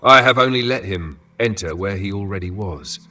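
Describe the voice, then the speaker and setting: A frightened peasant prisoner stammers and pleads, as a man reads him. The voice is bright and forceful, slightly off-mic, with faint music underneath. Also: fairly low pitch, expressive, moderate pace, far from the mic, exaggerated voice. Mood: confiding.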